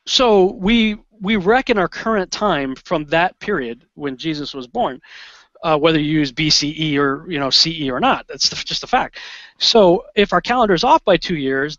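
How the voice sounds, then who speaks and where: A fairly high-voiced man talks as a guest, telling his story with excited energy and quick restarts. The sound is dull and lo-fi, with no room in it. He acts out his own reactions as he goes. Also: no room sound. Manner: animated, excitable, with restarts and quoted asides. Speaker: interview guest. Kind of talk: conversational storytelling.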